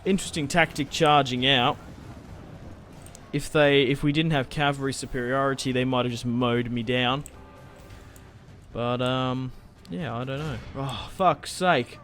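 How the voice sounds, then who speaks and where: A man's voice: medium pitch, steady tone, unhurried, fairly bright tone, soft background music. A man giving casual, thinking-aloud commentary on a strategy game he is playing, and swearing when things go wrong. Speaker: gaming channel host.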